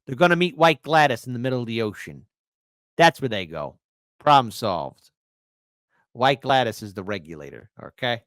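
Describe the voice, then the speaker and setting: A man hosting a casual commentary show, loudly mocking news clips with profanity. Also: medium pitch, moderate pace, long pauses, no room sound, studio quality. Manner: loud, mocking, profane, lively swings. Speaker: host reacting to news clips.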